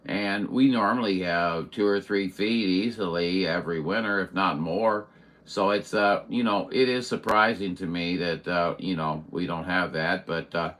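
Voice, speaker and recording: In a deep voice with a fairly bright tone, a man hosts a CB radio session at a moderate pace. He's the operator and host, rambling amiably with plenty of fillers and on-air jargon.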